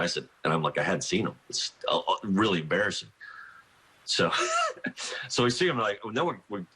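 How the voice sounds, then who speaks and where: A man's voice: deep voice, fairly bright tone, breathy edge. A middle-aged man, a college basketball coach, telling rambling anecdotes in a radio interview, often restarting sentences and laughing. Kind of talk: phone-in radio interview, storytelling.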